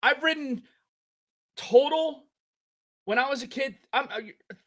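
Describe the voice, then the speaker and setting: An angry man co-hosting a casual podcast rants heatedly, swearing constantly. His extremely high voice is pushed and bright, and he speaks at a slow pace.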